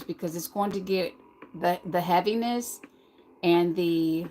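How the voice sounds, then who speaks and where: A woman's voice: on the low side, a little slow, warm tone, slight background noise, low-quality recording. A middle-aged American woman with a slight lisp, hosting a casual livestream and answering viewers in the chat. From United States. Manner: chatty, reads and answers the chat aloud. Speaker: livestream host.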